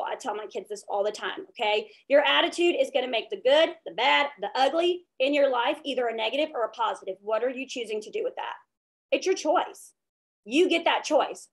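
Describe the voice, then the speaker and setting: A woman giving a motivational leadership talk over a video call, tagging her points with "okay?". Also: sits high. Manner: upbeat and preachy, tags lines with "okay?". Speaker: direct sales team leader.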